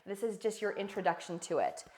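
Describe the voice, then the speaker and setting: A woman's voice: mid-range voice, brisk, darkish tone. A woman in her thirties, a coach giving an earnest, encouraging lesson in a casual teaching talk.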